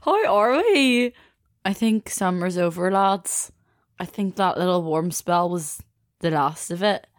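A young woman talks through her solo podcast in a loose, rambling way, with a swear here and there. Her voice sits fairly low for a woman. The recording is close and dry. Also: level tone, a little slow, no echo. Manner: chatty, rambling, swears and laughs easily, mimics accents. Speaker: podcast host. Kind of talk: casual solo podcast chat.

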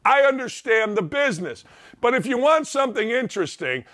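A man's voice: sits high, bright, forceful tone. A man hosting a sports talk show, ranting bluntly and brashly in an opinionated monologue.

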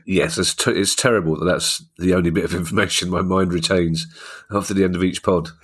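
A man's voice: deep voice, steady tone, a little fast, husky. A man hosting a podcast, chatting casually and wryly reading out listener questions. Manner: wry, joking, reads listener questions. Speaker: podcast host. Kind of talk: casual chat.

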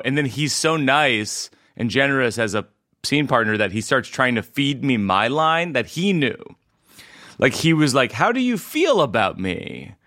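A man's voice: mid-range voice, pushed and bright, no room sound, clean studio sound. A comedian guest telling stories in casual conversation, rambling and correcting himself as he goes. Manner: rambling, halting, self-correcting storyteller.

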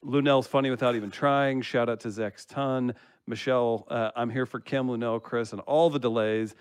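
A man's voice: medium pitch, normal speed, clean tone, no room sound. A man co-hosting a podcast, reading listener comments aloud in casual banter and laughing often. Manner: laughs often while reading, relaxed joking.

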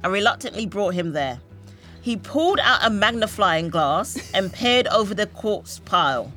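A woman's voice: medium pitch, expressive, moderate pace, bright, forceful tone, soft background music. A young woman, a comedian, telling a dramatic story in a playful way on a panel show.

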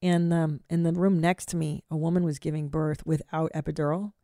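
A woman hosting a podcast, chatting casually and telling stories in a blunt, profane, animated way. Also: low voice, a little fast, dry recording, studio quality. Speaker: podcast host. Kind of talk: casual chat.

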